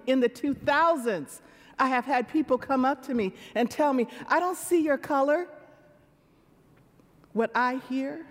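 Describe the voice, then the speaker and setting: A woman in her sixties preaching a sermon in a church, talking with the congregation in a conversational way. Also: on the high side. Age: 60s. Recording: long reverb of a large hall.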